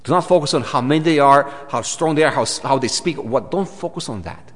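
A man with a Romanian accent, a native Romanian speaker, preaching a sermon in an animated, emphatic way, often restarting and stepping into asides. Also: medium pitch, fairly quick, in a large hall.

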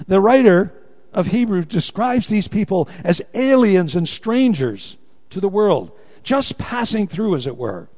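A man's voice: high-pitched, sing-song, unhurried, a little mellow, big-room sound. A man preaching a sermon, telling stories and asking his congregation questions, drawing them into call-and-response. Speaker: pastor.

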